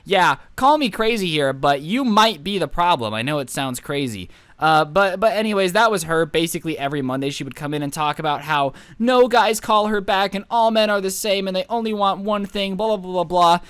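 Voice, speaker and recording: A young man telling a storytime vlog in a sarcastic, rapid, ranting way. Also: sits high, animated, a bit bright, clear, resonant tone, no echo. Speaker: YouTuber.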